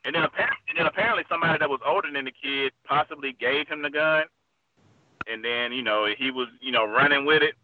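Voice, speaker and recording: A man's voice: mid-range voice, fast, a little hiss or hum. A man co-hosting a podcast, speaking bluntly and with profanity in casual chat. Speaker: podcast co-host. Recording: dull lo-fi podcast audio.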